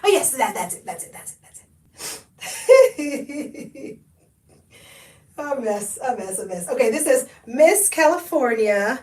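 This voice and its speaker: A woman, hosting a casual thrift haul livestream, animated and chatty, calling viewers honey. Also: high-pitched, slow pace, pauses often, recorded from a distance.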